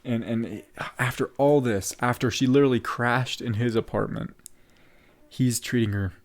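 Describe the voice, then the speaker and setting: A man's voice: medium pitch, moderate pace. A man co-hosting a casual theatre podcast, retelling a play scene by scene and quoting its lines with the odd laugh. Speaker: podcast co-host. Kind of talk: casual chat recapping a play.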